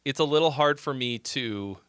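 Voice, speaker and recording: A man hosting a casual song-critique livestream, talking in an animated, rambling way with plenty of swearing. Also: medium pitch, normal speed, clean tone, dry recording, studio quality. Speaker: music critique livestream host.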